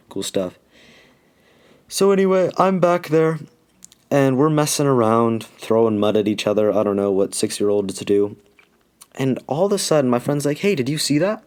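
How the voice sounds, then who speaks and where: A man from Alaska with a lowish, darkish voice tells a childhood story YouTuber-style, as part of his life story. He's casual and rambling, using slang and saying "like" constantly.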